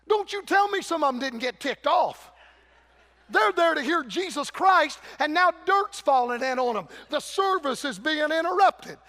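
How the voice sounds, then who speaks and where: A man's voice: very high voice, expressive, measured pace, pushed and bright. An older man preaching a fervent, folksy revival sermon, calling out to his congregation in a church. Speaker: guest preacher. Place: church sanctuary. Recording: long church hall reverb.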